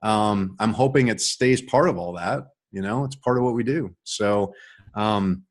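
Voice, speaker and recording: A man's voice: lowish voice, measured pace. Middle-aged guy telling his story on a call, casual, rambly, keeps restarting. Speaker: author and guest on a call.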